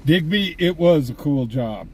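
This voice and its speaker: A man's voice: on the high side, animated, unhurried, warm tone, slightly rough. A man hosting a live stream, casually telling anecdotes and laughing at his own stories while he sits in a vehicle. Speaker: livestream host and scanner chaser. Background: faint vehicle and ambient noise.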